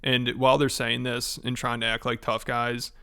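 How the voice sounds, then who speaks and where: Snarky commentary guy, clean bright voice, pretty monotone. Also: medium pitch, normal speed, clear, resonant tone. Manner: sarcastic, mocking. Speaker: commentary host. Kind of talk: scripted commentary.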